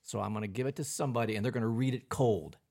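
Gravelly husky podcast co-host. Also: male voice, mid-range voice, a little mellow. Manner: rambling, halting with fillers. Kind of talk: casual chat. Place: podcast studio.

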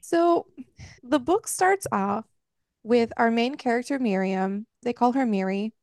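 A woman's voice: fairly high pitch, a little slow, darkish tone, no echo, studio quality. A woman co-hosting a podcast, casually recapping a book in a chatty way, swearing freely and laughing as she goes. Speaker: podcast co-host. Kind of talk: casual book review chat.

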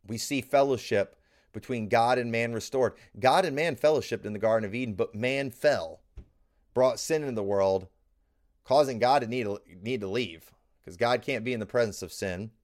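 A man preaches as a pastor, his voice sitting at an ordinary middle pitch. He drives each point home by repeating it. The delivery is a steady sermon-style Bible teaching. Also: moderate pace. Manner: emphatic, repeats key lines.

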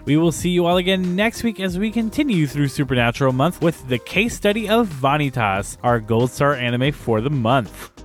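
A man's voice: fairly high pitch, normal speed, hardly any pauses, soft background music. A man hosting a casual podcast, talking in a rambling way with frequent laughs and fillers; Spanish is his first language. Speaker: podcast host.

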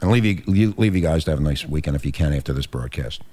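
Animated man hosting talk radio. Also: fast talker. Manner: animated, emphatic, swinging from low grumble to high exclaim; reads aloud from a written text between remarks. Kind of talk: political talk radio commentary.

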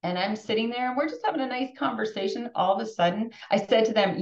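Animated woman in her fifties, echoey and distant. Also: fairly high pitch, fast, hardly any pauses. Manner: animated, emotional, frequent restarts. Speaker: podcast guest. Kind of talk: casual podcast conversation. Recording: distant roomy muffled remote audio.

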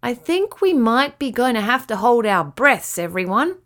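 A woman voicing an eager, excited young boy at a beach party. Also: on the high side, slow. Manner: eager, exclamatory.

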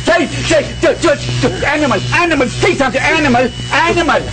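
A man's voice: extremely high pitch, a little fast, over music, poor audio. A man playing a boastful quack doctor who gives shock treatment, with a theatrical, hypnotic sing-song delivery, on an archive broadcast. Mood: excited. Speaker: wrestling show character. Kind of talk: televised wrestling skit.

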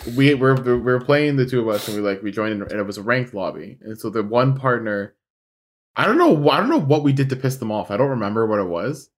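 A man co-hosting a podcast, telling stories in a lively way and laughing often. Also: medium pitch, fast. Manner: animated, laughing storyteller. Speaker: podcast co-host. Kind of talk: casual chat.

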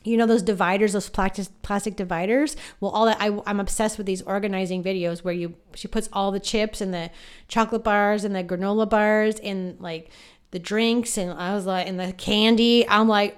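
A woman's voice: medium pitch, fairly even intonation, moderate pace, clean tone. A woman hosting her own podcast as a psychic medium, talking in a chatty, rambling way full of asides and fillers. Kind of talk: casual podcast monologue.

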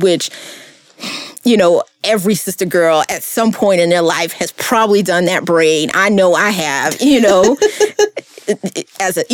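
A woman co-hosting a podcast chats casually and emphatically, using lots of fillers. Her voice is lowish, and there's no echo.

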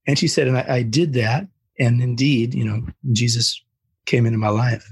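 An older man who is a guest on an interview, telling a story with animated, acted-out quotes. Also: medium pitch, moderate pace, creaky, slightly rough.

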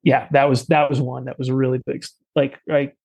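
A man's voice: medium pitch, little pitch movement, a little fast, creaky, a little mellow, poor audio. A man telling a story in a casual, rambling way, with many fillers and restarts. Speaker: podcast guest.

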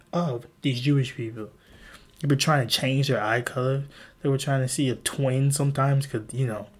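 A man's voice: mid-range voice, slightly rough. A man hosting a solo podcast, rambling in a profane, casual way. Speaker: podcast host.

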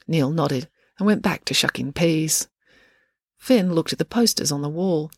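A woman reading a children's chapter book aloud in a steady, clear way. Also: low-pitched, a little slow, no echo, clean studio sound. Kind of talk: storybook read-aloud narration.

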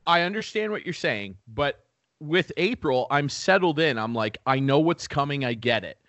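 A man's voice: on the high side, expressive, normal speed, a bit bright, dry recording. A young man from Canada co-hosting a podcast, ranting in casual chat and swearing freely. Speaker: podcast co-host.

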